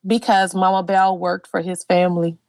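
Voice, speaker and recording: A woman's voice: lowish voice, little pitch movement, moderate pace, creaky, a little mellow, no echo. A young adult woman from Louisiana, telling her family history in an interview, earnest and reflective with frequent fillers. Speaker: interviewee, genealogist. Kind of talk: personal storytelling in an interview.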